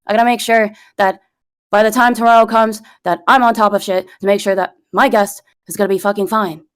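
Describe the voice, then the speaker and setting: A woman's voice: mid-range voice, steady tone, fairly quick. A woman in her early thirties on a voice call, arguing heatedly, rambling, swearing and defending herself. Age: early 30s. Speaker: content creator being interviewed. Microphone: computer mic on a voice call.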